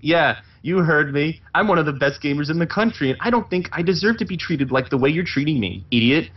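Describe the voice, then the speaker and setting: A man's voice: a little high, lively intonation, fairly quick, lightly acted. A man doing a whiny, cursing gamer streamer. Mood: angry ranting. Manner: ranting, cursing, indignant whining. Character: whiny foul-mouthed male gamer streamer, paranoid and hot-tempered. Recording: muffled lo-fi recording.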